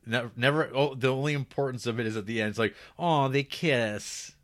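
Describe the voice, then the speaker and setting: A man's voice: medium pitch, steady tone, very fast, fairly bright tone. A man co-hosting a casual podcast, recapping TV episode plots in a rambling way and laughing often. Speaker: podcast co-host.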